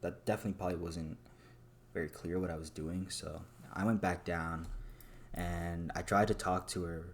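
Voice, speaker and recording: A man's voice: low-pitched, little pitch movement, normal speed. A young man vlogging in a rambling, self-deprecating confessional monologue, swearing casually.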